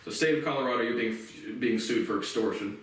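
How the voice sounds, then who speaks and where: Agitated man in his twenties, profane rant, distant mic, boomy reverb. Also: fast. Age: 20s. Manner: agitated, swearing, voice rising into shouts. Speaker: vlogger. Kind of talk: angry profane rant to camera. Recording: very echoey room, far from mic.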